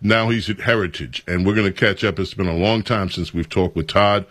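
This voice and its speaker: Low-voiced talk radio host. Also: male voice, brisk, a bit bright, dry recording. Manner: incredulous, rambling.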